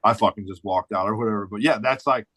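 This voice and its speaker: In a dry recording, a fortysomething man from around St. Louis talks fast in a fairly low, pushed, bright voice. He's a podcast guest sharing stories in a casual, blunt way, swearing a lot and saying "dude."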